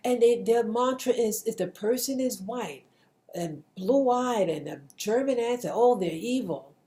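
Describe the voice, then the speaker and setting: A woman's voice: a little high, expressive, measured pace, dark tone. A middle-aged woman giving an earnest spoken message to camera, often restarting her sentences. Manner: earnest, repetitive, with frequent restarts. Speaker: video blogger giving a motivational message. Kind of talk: casual spoken monologue.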